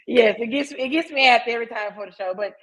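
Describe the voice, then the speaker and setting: A woman's voice: on the high side, fast talker, crowd noise. A woman hosting a podcast in a casual, slangy, hyped-up way, talking straight to her listeners. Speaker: podcast host. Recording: dull lo-fi recording.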